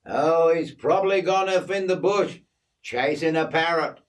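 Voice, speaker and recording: A man's voice: on the high side, measured pace, voice pushed up, close to an everyday voice. A man doing a cheery Australian outback bloke. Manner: breezy, matey bush slang.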